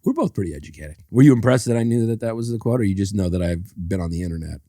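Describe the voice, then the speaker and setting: A man guesting on a podcast in casual comedic chat, with crude jokes and deadpan asides. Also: on the low side, racing, no room sound, studio quality.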